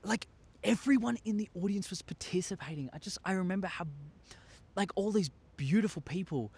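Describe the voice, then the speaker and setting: Excitable young man, lively voice. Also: high-pitched, a little fast, breathy edge. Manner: excitable, acts out scenes with sound effects. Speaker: YouTuber. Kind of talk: casual storytelling monologue.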